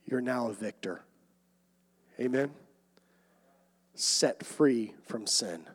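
A young man preaching a sermon, swinging between loud emphatic calls and quiet asides. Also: mid-range voice, takes it slowly, breathy edge. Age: young adult. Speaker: pastor. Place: church sanctuary. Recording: long hall reverb.

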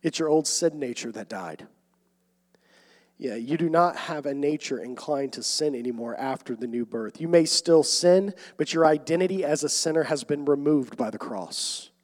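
A young man preaching a sermon, swinging between loud emphatic calls and quiet asides. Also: fairly high pitch, lively intonation, moderate pace. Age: young adult. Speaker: pastor. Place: church sanctuary. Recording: long hall reverb.

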